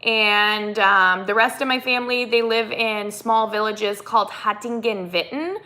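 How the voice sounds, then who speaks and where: On a laid-back live stream, a woman from the United States with a Minnesotan accent reads viewers' comments out loud and replies chattily. Her mid-range voice is bright and forceful, steady in tone and a little slow.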